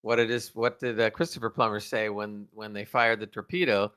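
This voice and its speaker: Bright-voiced enthusiastic man. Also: lowish voice, steady tone, fairly quick, smooth. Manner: enthusiastic, laughs often. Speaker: podcast co-host. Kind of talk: casual review chat.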